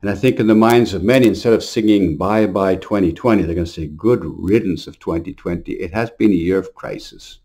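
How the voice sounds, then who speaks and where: Male priest, low voice, earnest homily delivery with a storytelling bent. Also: a little fast, hardly any pauses, dark tone. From Montreal. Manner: earnest, storytelling, repeats words. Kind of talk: short New Year homily.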